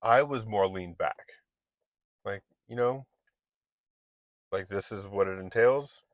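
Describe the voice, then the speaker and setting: Guy with a lowish voice doing a loose motivational chat, restarts a lot, dry close sound. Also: slow pace, no echo. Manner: loose and chatty, restarts a lot, acts out little quoted exchanges. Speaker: online business coach. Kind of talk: casual motivational talk.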